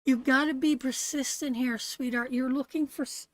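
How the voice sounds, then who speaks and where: Slow-talking woman reading tarot live. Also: high-pitched, steady tone, dry recording, rough recording. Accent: Canadian. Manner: affectionate, calls viewers darling and sweetheart; emphatic, repeats phrases. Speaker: tarot reader.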